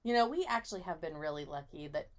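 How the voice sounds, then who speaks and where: A woman's voice: low voice, lively intonation, fast talker, noisy background. A woman co-hosting a podcast in casual chat, laughing along and reacting with short agreements.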